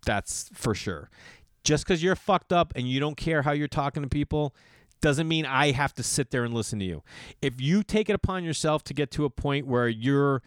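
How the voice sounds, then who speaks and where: A man, a comedian, telling a long casual story in a profane, animated way and acting out the people he quotes. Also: on the high side, moderate pace, smooth, dry recording, studio quality.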